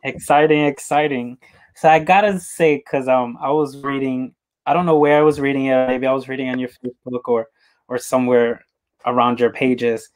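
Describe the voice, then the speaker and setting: A man hosting an interview, talking casually in halting, rambling sentences with many repeated words. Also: mid-range voice, fairly even intonation. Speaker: interview host.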